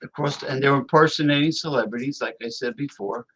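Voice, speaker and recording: A man of middle pitch, speaking easily and without hurry in a loose conversation, with dry little jokes dropped in. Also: quick pace, a bit bright, low-quality recording. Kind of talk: casual podcast chat.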